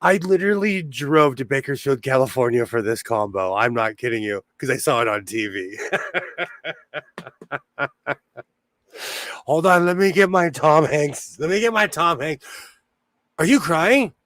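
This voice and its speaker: A man's voice: mid-range voice, moderate pace, pauses often, a bit bright, dry recording, studio quality. A middle-aged man hosting a sewing livestream, chatting casually with viewers, laughing often and answering their comments. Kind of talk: casual live-stream chat.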